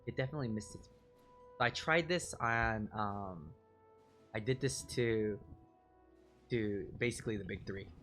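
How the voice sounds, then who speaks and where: A man's voice: lowish voice, moderate pace, pauses often, a bit bright, soft background music. Rambling man telling a stream story. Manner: rambling, filler-heavy, self-deprecating; chuckles often between phrases. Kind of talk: casual live-stream storytelling.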